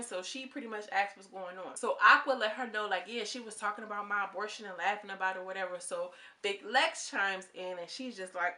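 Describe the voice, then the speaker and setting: A woman's voice: medium pitch, brisk, hardly any pauses, bright, forceful tone. A young woman giving a candid, slangy, opinionated review of a reality show in a casual vlog.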